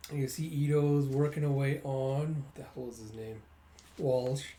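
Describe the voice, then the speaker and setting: A man retelling a comic book in a loose, chatty way, with quick asides between scenes. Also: mid-range voice, steady tone, dark tone. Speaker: manga reader and commentator. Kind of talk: casual read-through narration. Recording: roomy echo.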